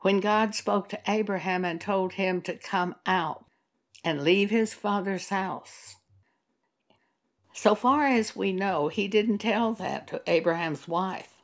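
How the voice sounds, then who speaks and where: A woman preaching a sermon in a slow, measured teaching manner. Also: medium pitch. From Texas.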